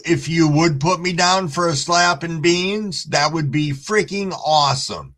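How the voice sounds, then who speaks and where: A man's voice: fairly high pitch, measured pace, few pauses, a bit bright. A middle-aged man hosting a casual livestream, greeting viewers by name and reading chat aloud in a laid-back way. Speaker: livestream host.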